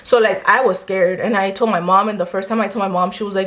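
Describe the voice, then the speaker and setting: A woman's voice: mid-range voice, steady tone, fast talker, a bit bright. A young woman who owns a small brand, telling her story to camera in a casual, candid way, swearing often and using many fillers like um and like. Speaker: small clothing brand owner.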